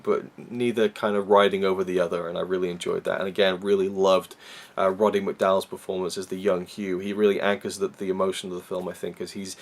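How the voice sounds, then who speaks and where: A man from Wales with a Welsh accent, reviewing a film in a casual, rambling way with many fillers and restarts. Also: low voice.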